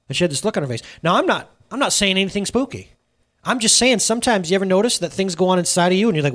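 A man in his thirties, a pastor giving a lively sermon, acting out stories in quoted dialogue. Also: high voice, rapid-fire. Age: 30s. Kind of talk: sermon with storytelling. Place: church sanctuary.

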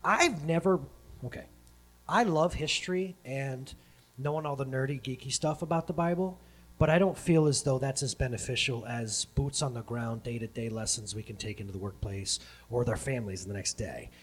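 A man's voice: mid-range voice, normal speed. A man preaching a casual sermon, retelling a Bible story with jokes and playful asides and often breaking off to correct himself. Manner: self-correcting, breaks off mid-sentence.

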